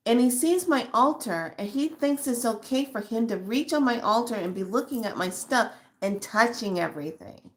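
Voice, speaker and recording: Middle-aged woman vlogger, fairly high voice, animated emotional storyteller. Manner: emotional, animated retelling with acted quotes. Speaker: spiritual vlogger. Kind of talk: personal storytelling to viewers.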